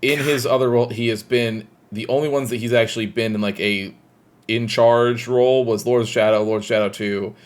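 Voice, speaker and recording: A man's voice: medium pitch, fairly even intonation, fairly quick. A man in casual podcast chat, retelling a game plot in a rambling way with restarts and fillers. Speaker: podcast co-host.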